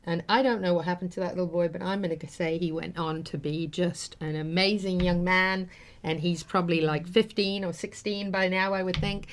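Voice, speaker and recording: A woman's voice: lowish voice, steady tone, a little fast, a little hiss or hum. A middle-aged woman hosting a talk show, telling an emotional story in an earnest, casual way with many fillers.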